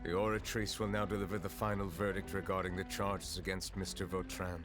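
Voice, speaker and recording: A stern, composed judge, played by an actor, speaks in a very deep voice, slow and formal in every phrase. A game's orchestral score plays clearly behind him. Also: male voice, flat delivery, close to an everyday voice. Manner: measured, formal. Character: stern, composed chief justice. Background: game music score.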